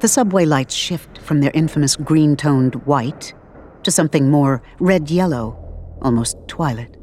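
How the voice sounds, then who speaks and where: A woman narrating an audiobook in an expressive, measured storytelling manner. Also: low voice.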